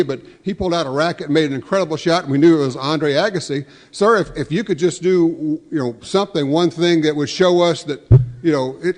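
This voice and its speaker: A woman's voice: low-pitched, a little mellow. A man voicing a polite, by-the-book female bank teller in a joke, told in a reverberant banquet hall.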